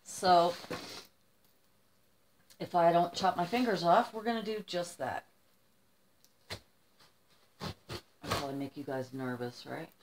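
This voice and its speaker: A woman's voice: lowish voice, slow pace, long pauses, a little hiss or hum. A middle-aged woman from the United States, chatting casually to camera while opening gifts, emotional and rambling.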